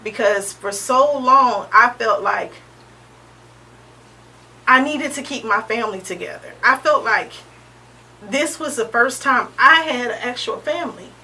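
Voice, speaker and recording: A woman in her thirties, an interview guest sharing a personal testimony in a halting, earnest way, often pausing with "um" and restarting. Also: fairly high pitch, pushed and bright. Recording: distant mic with faint background noise.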